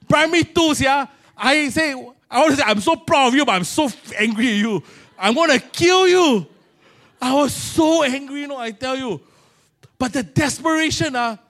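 A middle-aged man with a Singaporean English accent preaching a sermon, telling a story with animated swings in loudness and Singlish particles. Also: high-pitched.

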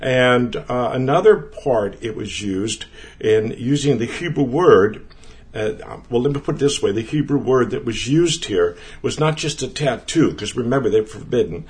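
A man gives an earnest, conversational Bible teaching. He leans into key words and repeats them for emphasis. His voice sits at an ordinary middle pitch. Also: expressive, normal speed, darkish tone.

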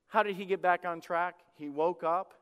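A man's voice: high-pitched, steady tone, normal speed, fairly bright tone, clean tone. A male pastor preaching a sermon with passion, acting out quoted prayers and pleas. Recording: long hall reverb.

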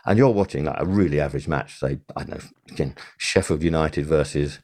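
A man's voice: rumbling low, a little fast, a little mellow. An older man, a television sound supervisor, recalling his career in a casual interview, rambling and correcting himself as he goes. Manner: rambling, self-correcting storyteller.

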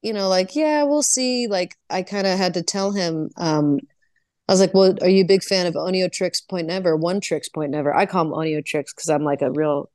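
A woman with a lowish voice chats on a podcast as a guest. She talks casually, laughs easily and acts out quoted lines as she tells a story. The sound is close and dry. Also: steady tone, a little fast, a little mellow, no echo. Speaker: guest musician.

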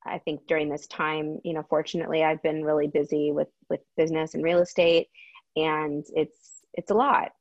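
A woman's voice: low-pitched, normal speed, dry recording. Candid woman guest, slightly muffled. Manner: candid, expressive. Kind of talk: casual chat.

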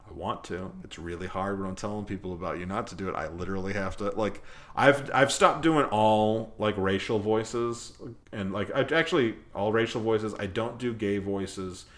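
A man's voice: lowish voice, moderate pace, a bit bright. A man hosting a podcast, chatting casually with his friend and rambling through lots of fillers and restarts. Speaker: podcast host. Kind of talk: casual chat.

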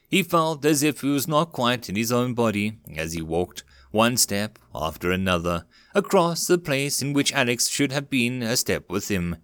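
A man narrating a dramatic story in a steady reading voice. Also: lowish voice, clean tone, no echo, studio quality.

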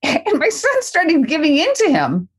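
A woman's voice: high-pitched, huge pitch swings, measured pace. An older woman, a parenting expert, answering interview questions and telling a family story, acting out the voices she quotes.

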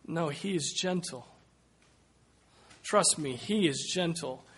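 A man's voice: on the high side, takes it slowly, a bit bright, breathy edge. A man preaching a sermon, making earnest, pleading appeals that suddenly swell in volume.

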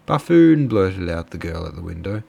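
A man's voice: low voice, normal speed, vocal fry, a little mellow, slightly rough. A tired man casually reading a book aloud, stumbling over names now and then. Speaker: audiobook reader.

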